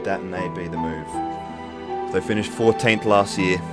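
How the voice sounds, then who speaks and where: A young man calls his football video game in a lowish voice, swearing freely and shouting when frustrated. Game music plays clearly under him. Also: unhurried. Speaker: gaming YouTuber. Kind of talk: excited game commentary.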